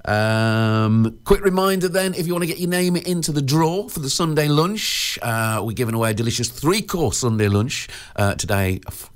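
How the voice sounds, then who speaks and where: A man hosts a local radio show from the studio, his voice sitting in a middling pitch. He chats loosely and rambles, filling gaps with 'uh' and restarting his sentences, and laughs at his own little jokes. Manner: chatty and rambling, with frequent 'uh' fillers and restarts. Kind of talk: casual radio chat.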